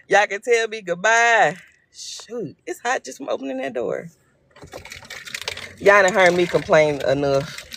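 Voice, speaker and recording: Arkansas lady on a phone live, laid back and jokey, kinda gravelly voice. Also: medium pitch, a little hiss or hum. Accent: Arkansas Southern US. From Arkansas, USA. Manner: laid-back, joking, chatty with viewers. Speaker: livestream host. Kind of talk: casual live chat.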